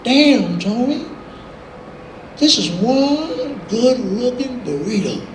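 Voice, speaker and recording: A man's voice: very high voice, big pitch swings, slow, recorded from a distance, pitched above the performer's own voice, full character voice. A man putting on the voice of a teasing older country star, drawling and mischievous, in a roomy space with background noise. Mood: gleeful.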